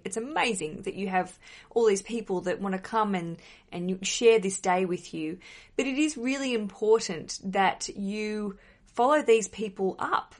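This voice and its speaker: Woman hosting a wedding podcast, chatty and blunt, swears a bit, really emphatic. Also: medium pitch. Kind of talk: casual advice podcast.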